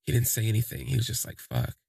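A man's voice: medium pitch, little pitch movement, racing, creaky, a little mellow, slightly rough, no echo, studio quality. A man telling a first-person story in a casual, rambling way, full of "like" and "you know". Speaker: podcast storyteller.

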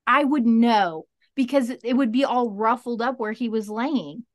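A woman's voice: on the high side, measured pace, no echo, clean studio sound. Frank, profane woman telling a story. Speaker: interview guest. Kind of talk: casual storytelling.

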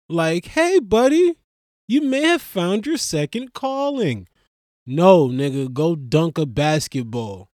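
A man doing a casual comedic monologue as a podcast host, rambling and profane, slipping into loud voiced asides. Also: on the high side, no echo, studio quality.

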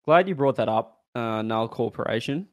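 A man with an Australian accent talks loosely on a podcast. He is rambling and playful. He gives mock answers in a deadpan tone at an average pitch. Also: moderate pace. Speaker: podcast co-host. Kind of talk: casual podcast chat.

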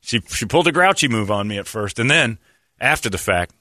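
A man's voice: medium pitch, expressive, fairly quick, bright, forceful tone, dry recording, studio quality. A man hosting a morning radio show, telling a rambling, self-deprecating story in casual chat and laughing often.

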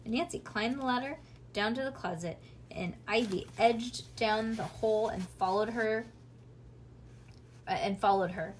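A woman reading a children's storybook aloud in a casual, lively way with small slips. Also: on the high side, a little hiss or hum. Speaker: reader.

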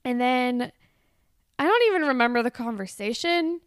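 A woman's voice: on the high side, moderate pace, clear, resonant tone, no room sound, clean studio sound. A young woman co-hosting a podcast, recapping a TV episode in casual chat and acting out the characters' lines. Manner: animated retelling with quoted voices, frequent likes. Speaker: podcast co-host.

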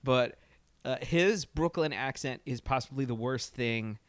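A man's voice: medium pitch, a little slow, clear, resonant tone, dry recording, clean studio sound. A man hosting a radio show in a casual, rambling way, with jokes and lots of fillers. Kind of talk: casual chat.

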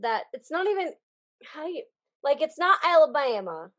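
A woman with a notably high voice talks loosely on a podcast. She rambles, restarts and hunts for the right words. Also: big pitch swings, normal speed, fairly bright tone. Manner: chatty, rambling, searches for words. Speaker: podcast co-host. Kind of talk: casual chat.

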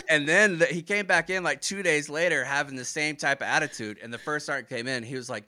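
Man, former Marine, casual profane storytelling, bright tone, dry close mic. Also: on the high side, fast talker, few pauses, no echo. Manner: profane, animated retelling with quoted dialogue. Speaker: podcast guest, former Marine.

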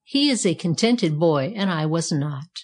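A woman voicing a cheerful, self-satisfied talking fire poker in a read-aloud storybook, speaking calmly. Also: deep voice, a little slow. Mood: contented.

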